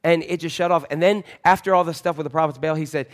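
Male pastor, jokey church sermon, animated storyteller, slightly higher voice. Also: brisk, few pauses.

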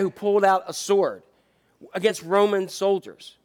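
A man's voice: sits high, fairly even intonation, a little slow. A man preaching a sermon in a conversational, humorous way, asking many rhetorical questions.

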